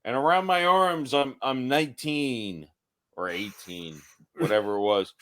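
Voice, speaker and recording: A tipsy man co-hosting a podcast, ranting loudly and profanely in casual chat. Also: mid-range voice, a little slow. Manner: loud, profane, animated ranting. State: tipsy from drinking. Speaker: podcast co-host.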